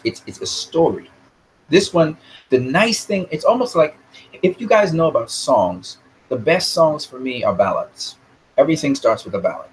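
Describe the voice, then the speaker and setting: A man's voice: mid-range voice, a little hiss or hum, poor audio. A man talking casually with his live chat about movies. He speaks in a rambling, opinionated way and often repeats words as he thinks. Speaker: live stream host answering chat.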